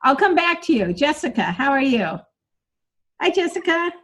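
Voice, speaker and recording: A woman's voice: sits high, sing-song, fairly quick, a bit bright. A woman teaching a live online workshop as a speaking coach, upbeat and encouraging, chatting with her students by name over a video call.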